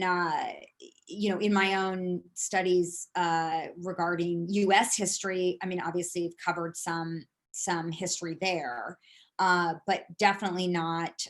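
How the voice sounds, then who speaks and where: A woman's voice: fairly low pitch, fairly bright tone. A middle-aged woman from San Francisco, a board candidate, answering questions on a video call in a rambling way, with many fillers and restarts. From San Francisco, USA. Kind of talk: casual answers in a video meeting.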